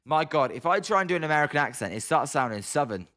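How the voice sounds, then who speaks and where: A man's voice: on the high side, very animated, quick pace, fairly bright tone. Chatty British man doing live commentary. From Britain. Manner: chatty, answers viewer chat messages. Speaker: livestream host. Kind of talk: casual live baseball watch-along commentary.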